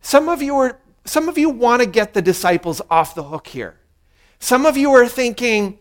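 A man's voice: very high voice, sing-song, moderate pace. A man preaching a sermon as pastor, earnest and repeating his key lines for emphasis.

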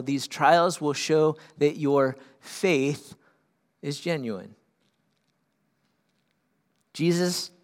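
A male pastor delivering a sermon in a slightly raised voice. He climbs to loud, urgent peaks and then sinks into quiet, earnest stretches. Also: fairly high pitch.

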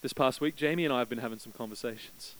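A man preaching from the pulpit, his voice sitting in a middle register. He tells a story casually and warmly, lifting his pitch when he acts out desperate prayers. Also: fast talker, rough recording. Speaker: pastor. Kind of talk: sermon.

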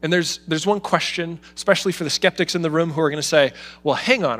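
A man preaches in a slightly high voice, moving between steady teaching and emotional, pleading passages. Soft music plays faintly underneath. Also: fast talker, few pauses. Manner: expressive, voices God's pleading in emotional asides. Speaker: pastor. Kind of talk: sermon.

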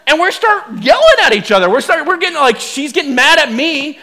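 A male pastor delivers a sermon as a lively personal story. His voice sits high and bright, leaping up and down as he acts out the quoted lines. He talks in restless bursts, repeating words and filling gaps with fillers. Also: fairly quick.

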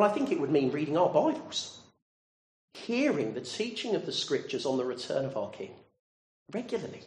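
Man, preacher, sermon, raised voice, animated pitch, echoey room. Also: a little hiss or hum. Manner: earnest, direct questions to listeners. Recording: roomy echo.

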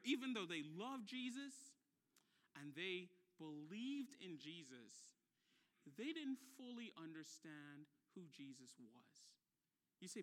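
Animated high-voiced man preaching. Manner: animated, playful asides, repeats words for emphasis. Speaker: pastor. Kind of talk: sermon.

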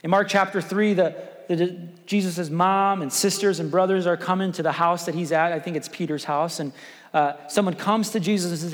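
Pastor guy preaching casual and lively, slightly high voice, echoey church, soft music. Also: a little fast. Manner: conversational, animated storytelling. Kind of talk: sermon.

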